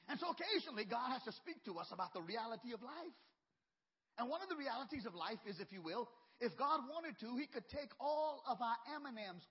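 A man's voice: very high-pitched, slightly rough. A pastor preaching a sermon, telling a story and building his points with rhythmic repetition and emphatic bursts. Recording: dull lo-fi sermon recording.

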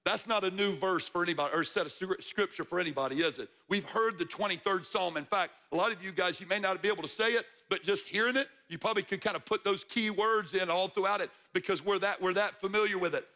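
A man with a high, bright voice delivers a sermon in a church. He talks to the room casually, repeating key words for emphasis and checking in with questions. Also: quick pace, few pauses. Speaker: guest preacher, football coach.

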